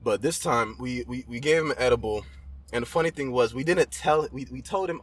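A man's voice: mid-range voice, brisk. A man co-hosting a podcast, telling a story in loose, slangy casual chat with lots of restarts. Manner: loose slangy talk, many restarts and backchannels. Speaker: podcast co-host.

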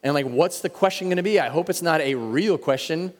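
A man in his thirties preaching a sermon in a church, talking in a conversational way and slowing down to stress key words. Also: on the high side. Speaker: pastor. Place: church sanctuary. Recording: reverberant church hall.

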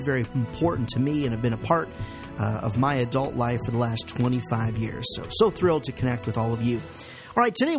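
Male sales coach in his forties, husky and slightly high, punchy motivational delivery. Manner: energetic, emphatic, rhetorical questions. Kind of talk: motivational sales training talk.

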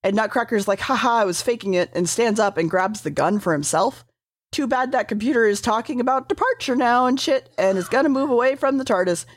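Woman telling a game recap all casual, swears, pitch bouncing up and down, dry close sound. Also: animated, brisk, no room sound. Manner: rambling, swearing, hedging. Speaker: player recapping a game session.

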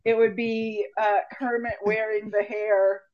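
A woman's voice: mid-range voice, little pitch movement, measured pace, highs cut off. A woman co-hosting a comedy podcast, teasing and rambling playfully in casual chat.

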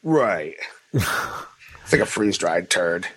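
A man co-hosting a casual podcast, his voice sitting on the low side. He talks haltingly, doubling words and restarting sentences as he works his thoughts out. The pace stays easy and conversational. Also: expressive, a bit bright, husky. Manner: halting, with frequent word repeats. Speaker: podcast co-host.

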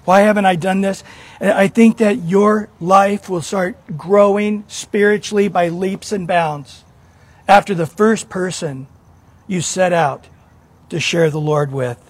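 An earnest male pastor with a high voice, preaching to his congregation. He asks question after question and often repeats a word before going on. The sound is dry and close. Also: takes it slowly, no echo. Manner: earnest, questioning, repeats words when starting. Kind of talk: sermon.

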